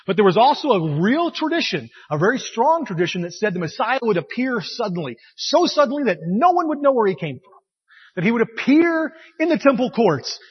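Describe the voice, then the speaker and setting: A man with a high-pitched, husky voice preaches a sermon and reads scripture aloud, expressively acting out the quoted voices with feeling. The sound is dull and lo-fi, with long hall reverb.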